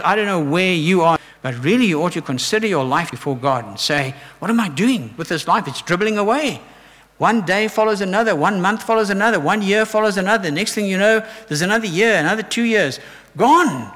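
A man's voice: high-pitched, fairly bright tone. A man preaching a sermon in an earnest, exhortative way, rising to emphatic peaks. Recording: long hall reverb.

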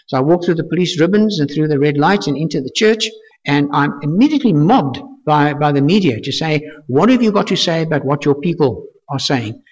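An older pastor tells his story with a slightly raised pitch, leaning hard on repeated phrases. His voice rings through a long, echoing hall. The recording itself sounds dull and lo-fi. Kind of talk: testimony sermon.

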